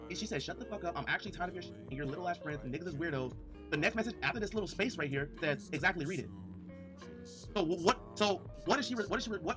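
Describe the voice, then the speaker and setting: Excitable male streamer, high and quick, riffing to his chat over soft music. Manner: excitable, addresses chat directly, reads messages aloud. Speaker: livestreamer. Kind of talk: livestream commentary.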